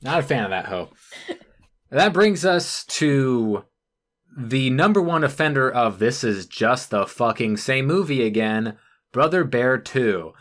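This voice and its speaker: A podcast co-host in casual chat, ranting with a lot of swearing and halting restarts. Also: medium pitch, lively intonation.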